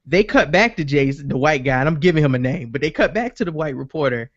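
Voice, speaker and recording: Animated man telling a story, dull audio. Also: a little high, fast talker, dry recording. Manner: animated storytelling, acts out quotes, swears freely. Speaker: podcast host. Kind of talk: casual chat.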